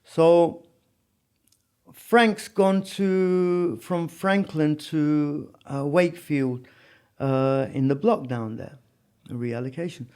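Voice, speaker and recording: Rambling man with a high voice. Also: slow pace, darkish tone, smooth. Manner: rambling, full of "you know what I mean". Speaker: podcast guest. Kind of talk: casual storytelling interview.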